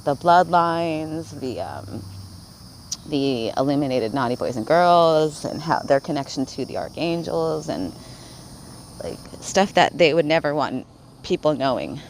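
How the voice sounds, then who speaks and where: Low-voiced woman chatting and swearing. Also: big pitch swings, unhurried, a little hiss or hum, rough recording. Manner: chatty, swears freely, laughs often, many fillers. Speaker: spiritual vlogger. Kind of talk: casual rambling monologue.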